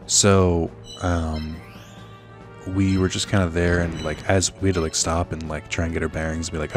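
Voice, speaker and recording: Rambling, sardonic young man, deep voice. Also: level tone, normal speed, over music. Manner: rambling, sardonic, many fillers and "like"s. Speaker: let's play host. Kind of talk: casual storytelling while gaming.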